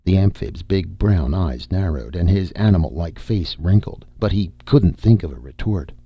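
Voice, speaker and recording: A man reads a novel aloud in a steady, measured way, his voice low and husky. The recording is dry and close with a slightly dull, muffled top end. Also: dry recording. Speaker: audiobook narrator. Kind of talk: audiobook narration.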